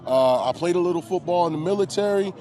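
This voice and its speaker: A man's voice: high voice, quick pace, dark tone. Coach-like man calling a football game. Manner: knowledgeable, coach-like analysis with folksy phrases. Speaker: color commentator. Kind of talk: live sports commentary.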